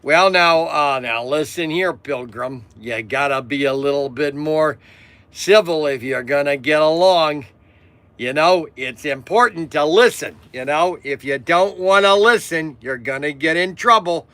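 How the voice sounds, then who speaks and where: A man's voice: fairly high pitch, a bit bright, no room sound, pitched below the performer's own voice. A man putting on the voice of an old western cowboy, drawling and lecturing in a folksy way. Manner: slow drawl, folksy scolding.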